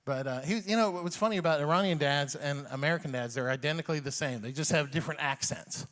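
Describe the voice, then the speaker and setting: A man's voice: on the high side, fast talker, fairly bright tone, long reverb tail. A man in his forties, from Iran, a comedian telling a rambling personal story with chuckles and acted-out quotes. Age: 40s.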